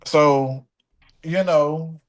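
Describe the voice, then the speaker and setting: A young man spins a studio anecdote in relaxed conversation. He is animated and slips into other people's voices to act out the scene. His voice sits a little on the high side. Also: extremely slow. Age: young adult. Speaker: guest musician. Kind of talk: casual storytelling in a sit-down conversation.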